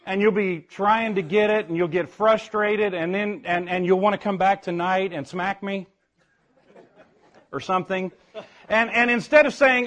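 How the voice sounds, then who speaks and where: A man's voice: sits high, moderate pace, fairly bright tone. An older man preaching in a playful, folksy way, often restarting his words and sometimes singing a spelled-out song. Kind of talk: playful sermon with sung spelling songs.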